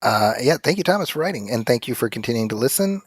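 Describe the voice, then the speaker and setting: A man co-hosting a podcast, chatting casually and reading listener mail with animated storytelling. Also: medium pitch, fast talker, breathy edge, no echo, studio quality. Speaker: podcast co-host. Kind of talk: casual chat.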